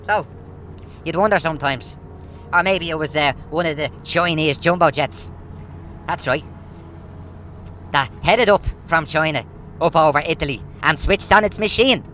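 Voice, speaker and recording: A man's voice: on the high side, normal speed, pauses often, bright, forceful tone, slight background noise. A man, ranting in a casual monologue full of rhetorical questions. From Ireland. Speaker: vlogger.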